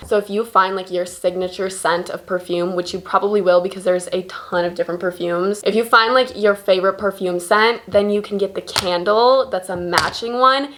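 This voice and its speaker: A woman's voice: mid-range voice, fairly bright tone, a little hiss or hum. A young woman chats to her camera at home while she gets ready for the day. Her talk is loose and rambling, packed with "like" and small asides. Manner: chatty, filler-heavy, lots of "like". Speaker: vlogger. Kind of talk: casual vlog chat. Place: bedroom at home, indoors.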